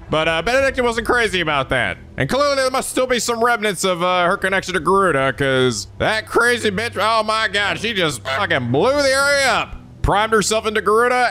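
A man hosting a let's play, recapping the story in excitable, jokey, swear-filled commentary with sudden shouts. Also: high-pitched, slight background noise. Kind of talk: energetic gameplay commentary.

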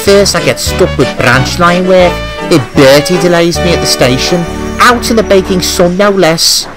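A man's voice: sits high, moderate pace, voice pushed up, close to an everyday voice. A man voicing a vain, self-pitying male steam engine who complains dramatically, with music behind. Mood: whiny.

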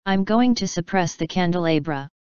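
Lady doing a cheeky little street kid, bossy and slangy, super clear voice, dry dull-ish recording. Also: fairly low pitch, expressive, moderate pace, a little mellow, dry recording, lightly acted. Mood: cocky. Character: cocky streetwise young Paris boy.

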